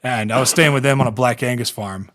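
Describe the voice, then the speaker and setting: Man, 30s, from Ohio, podcast host, profane, rambling, laughing storyteller, mid-pitched voice. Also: fast talker, fairly bright tone. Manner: rambling, profane, laughing through his stories. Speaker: podcast host and former pro football player.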